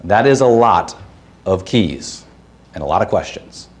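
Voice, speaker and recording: Man, pastor, church sermon, low voice, earnest, playful puns. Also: animated, measured pace.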